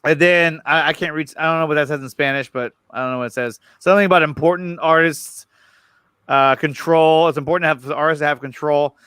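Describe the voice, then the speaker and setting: A man hosting a casual chat about movie news. He is excited, repeats his words and often restarts his sentences. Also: on the high side, fast talker, smooth, no echo, clean studio sound. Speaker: show host.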